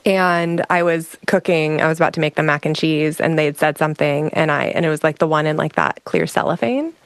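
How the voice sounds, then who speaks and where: A woman who specializes in emotional regulation appears as a guest on a conversation show, sharing a personal story frankly and reflectively while often restarting her sentences. Her voice is low, clean and fairly quick, and the recording is dry.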